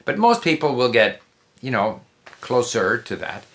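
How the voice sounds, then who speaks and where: A man's voice: mid-range voice, big pitch swings, unhurried, fairly bright tone. A man speaking as the guest on a language-learning interview, giving conversational advice in an emphatic way, often repeating himself and restarting his sentences.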